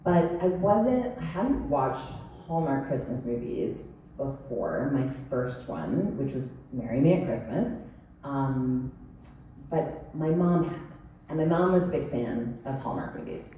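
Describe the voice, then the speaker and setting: A woman's voice: very deep voice, very animated, a little slow, warm tone, a little hiss or hum. A woman in her thirties telling stories at a convention panel, chatty and laughing, with lots of "like". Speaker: panel guest actress. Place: large convention hall. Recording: echoey hall from far off.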